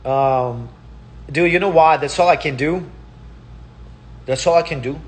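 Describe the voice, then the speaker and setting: A man's voice: a little high, a little slow. A man with Russian as his first language, giving a heated, profane casual monologue and repeating himself. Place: Palm Springs.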